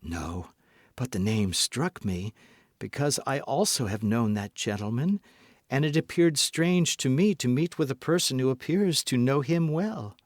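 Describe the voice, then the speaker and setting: Cunning noblewoman, smooth and false, read by a man, animated pitch, dry sound. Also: a little slow, no echo, close to an everyday voice. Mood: guarded. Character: scheming noblewoman, cold and cunning.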